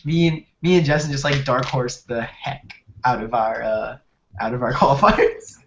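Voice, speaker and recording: A young man talking casually as a guest, excitable and quick to laugh. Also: medium pitch, gravelly. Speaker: guest player. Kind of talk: casual chat. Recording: dull lo-fi with faint noise.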